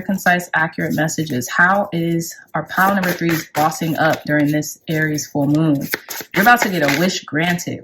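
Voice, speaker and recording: A woman giving a pick-a-card tarot reading in an effusive, emotional way, with swings up in pitch on key words and casual swearing. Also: background noise. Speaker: tarot reader.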